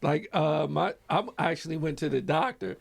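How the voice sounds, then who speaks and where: High, gravelly, laughing man. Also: moderate pace. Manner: laughs a lot, profane and teasing. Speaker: podcast host. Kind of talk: casual comedic chat.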